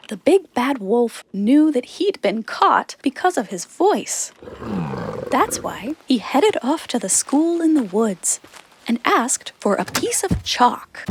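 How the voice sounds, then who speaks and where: A woman narrating a children's fairy tale in a slow, expressive reading. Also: high-pitched, a little hiss or hum. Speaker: storyteller.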